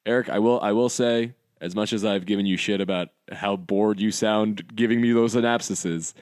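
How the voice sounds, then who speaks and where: A man's voice: on the low side, normal speed, a little mellow, no room sound, studio quality. A young man co-hosting a casual podcast, joking around, laughing often and swearing casually. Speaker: podcast co-host. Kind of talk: casual chat.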